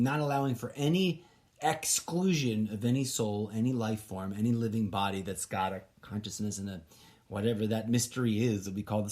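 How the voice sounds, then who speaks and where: Rambling man musing aloud. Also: medium pitch. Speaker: podcast host. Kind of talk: casual philosophical monologue.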